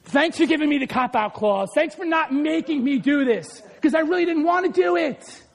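A man voicing God as a wry, gently teasing deity, speaking low and conversationally. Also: lively intonation, normal speed, vocal fry, in a large hall, heavily acted.

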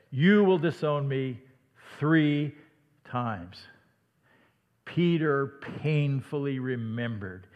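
Conversational preacher in an echoing hall. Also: male voice, medium pitch, lo-fi sound. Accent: slight Midwestern. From Iowa. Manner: conversational, dramatic dips to a hush. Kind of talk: sermon. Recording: long hall reverb.

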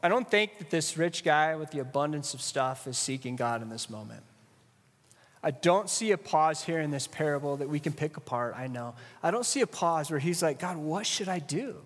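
A man's voice: a little high, expressive, normal speed, big-room sound. A man preaching a sermon, emphatic and asking the audience rhetorical questions.

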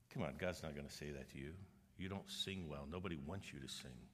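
A middle-aged male pastor with a very low voice preaches to his congregation, joking one moment and driving his point hard the next. His words ring out in a hall with a long reverb. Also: brisk, slight background noise. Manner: animated, humorous preaching, rising to forceful exhortation. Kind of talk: sermon.

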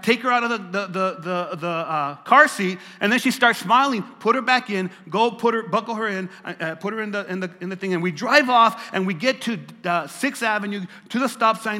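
Preaching a little fast, an older man serving as pastor uses a high, bright, forceful voice and stresses his message by repeating phrases emphatically. His sermon echoes with the long reverb of a large hall.

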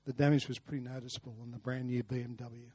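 A man's voice: medium pitch, flat delivery, fast talker, a little mellow, breathy edge, no echo. A man preaching a sermon, earnest, with rhetorical questions and repeated words. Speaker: pastor. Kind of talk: sermon with a told story.

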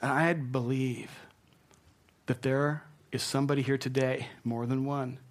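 A man preaching a sermon as pastor, earnest and emphatic, dropping soft for tender points. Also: medium pitch, flat delivery, unhurried.

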